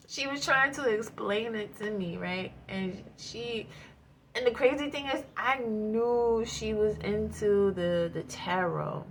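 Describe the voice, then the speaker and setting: A woman casually telling a personal story to her viewers, animated and slangy, with swearing and frequent laughs. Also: mid-range voice, slow, noisy background. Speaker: vlogger.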